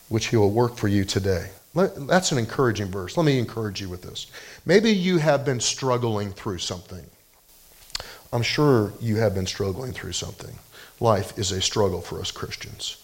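A man preaching a sermon in an animated way, rising loud when he quotes people and dropping soft and low for personal appeals. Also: normal speed. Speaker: pastor.

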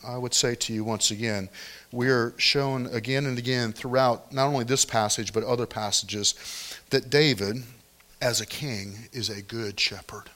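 A middle-aged man preaching a sermon, telling stories in an animated way that swings from loud to hushed. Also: medium pitch. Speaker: pastor.

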